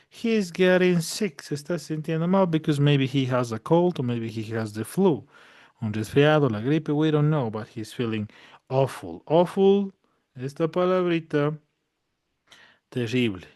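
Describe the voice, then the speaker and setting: A man's voice: fairly high pitch, a little mellow, dry recording. Bilingual male English teacher, dry sound. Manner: mixes English with Spanish translations, checks understanding often. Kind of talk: bilingual classroom lesson.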